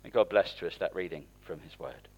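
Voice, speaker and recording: A man's voice: low-pitched, brisk, creaky, husky. A man preaching in church, speaking conversationally and asking the congregation questions. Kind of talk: interactive sermon.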